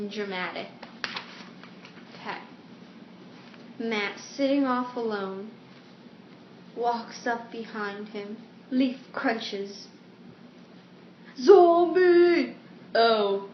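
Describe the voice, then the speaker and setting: A woman vlogs at home in a chatty, self-mocking, giggly way and takes her time with each sentence. Her voice sits a little high. The recording is roomy and dull, with a faint hiss underneath. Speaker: vlogger. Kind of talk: casual vlog chat.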